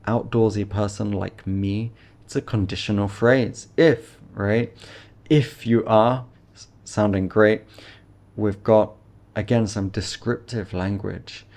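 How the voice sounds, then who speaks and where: A man's voice: lowish voice, steady tone, takes it slowly, a little mellow. A man teaching IELTS speaking, encouraging as he explains phrases and models model answers. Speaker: English teacher.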